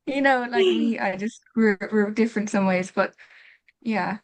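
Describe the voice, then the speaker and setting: A woman's voice: mid-range voice, steady tone, fairly quick. A woman taking part in a workshop over a video call, sharing in a chatty, giggly, rambling way. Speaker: workshop participant. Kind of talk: casual sharing in a group.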